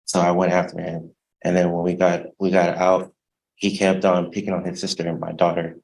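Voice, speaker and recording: A man testifying as a defendant in court, hesitant and soft-spoken, halting over his words. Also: low voice, completely flat delivery, gravelly, poor audio.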